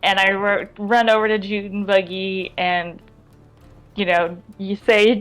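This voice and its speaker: Stammering excitable woman player. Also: slow. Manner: excitable, stammering, breaks into high squeals in character. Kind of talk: playing a tabletop game in character. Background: faint background music.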